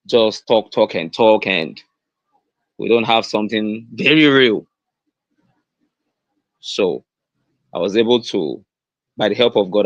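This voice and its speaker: A man with a Nigerian accent hosting a motivational livestream talk, earnest, repeating key phrases slowly for stress and restarting his sentences often. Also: on the low side, no echo. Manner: earnest, with many fillers and restarts. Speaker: host.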